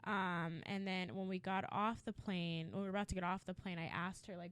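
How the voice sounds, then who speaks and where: A woman's voice: on the low side, steady tone, brisk, a bit bright, smooth, no room sound. A woman co-hosting a podcast, telling a story in casual chat with lots of filler words. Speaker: podcast co-host.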